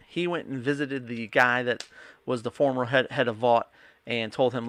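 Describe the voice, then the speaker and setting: A man's voice: mid-range voice, steady tone, a little fast, vocal fry, a bit bright. A young man hosting a podcast, rambling through a casual episode recap and quoting the characters' lines with many restarts. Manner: rambling, retells scenes with quoted lines and restarts. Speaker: podcast host.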